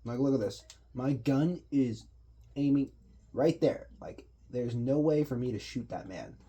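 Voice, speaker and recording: A man narrates his gameplay in a loose, slangy commentary and explains his moves as he goes. His voice is dark and mellow, with a slightly husky edge, at an everyday male pitch. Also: unhurried. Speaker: gaming commentator.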